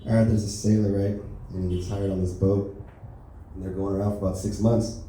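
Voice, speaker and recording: A young man doing a stand-up set at an open mic, delivering deadpan one-liners with lots of filler words. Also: fairly low pitch, fairly quick. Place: comedy club stage. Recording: echoey club, distant mic, faint noise.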